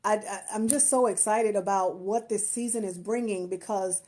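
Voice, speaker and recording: On a casual phone live stream, a woman who works as a marketer and empowerment coach chats with viewers, effusive and grateful, with lots of restarts and laughter. Her mid-range voice has a dark tone and a moderate pace.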